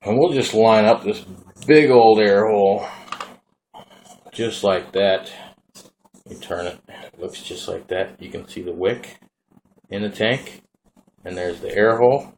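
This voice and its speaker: A vaping hobbyist vlogger with a very low, darkish voice and a Minnesotan accent rambles in a relaxed, folksy way while casually demoing his gear. He speaks a bit slowly with long pauses, and faint noise hums beneath the recording.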